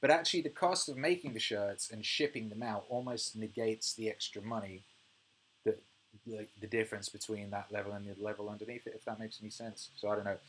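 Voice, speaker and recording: A British man in his thirties hosting a casual livestream, reading viewer comments, swearing freely and ranting with animated energy. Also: fairly low pitch, a little fast, slightly rough. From United Kingdom. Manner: swears freely, animated rants, laughs often. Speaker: music producer and livestream host.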